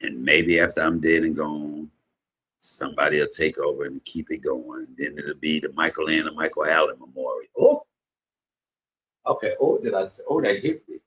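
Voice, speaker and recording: A man in his fifties, a comedian streaming a casual chat and telling emotional, rambling stories with sudden loud bursts. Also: a bass voice, moderate pace, slightly rough. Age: 50s. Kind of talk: casual livestream chat and storytelling.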